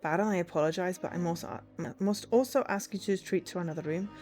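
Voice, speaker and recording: A woman's voice: lowish voice, fast, a little mellow, faint music behind, lightly acted. A woman voicing an authoritative male investigator who speaks in a stern, commanding way.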